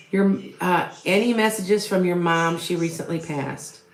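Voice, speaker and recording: Middle-aged female psychic, rambling and chatty, low voice, reverberant room. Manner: rambling, chatty, many fillers and restarts. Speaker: tarot reader and psychic medium. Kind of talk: live tarot reading with viewer questions. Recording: echoey room.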